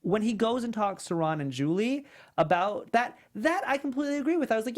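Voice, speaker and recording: A man's voice: high voice, lively intonation, brisk. Guy cohost chatting, kinda exasperated, lots of strong opinions. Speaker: podcast co-host. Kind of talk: casual recap chat.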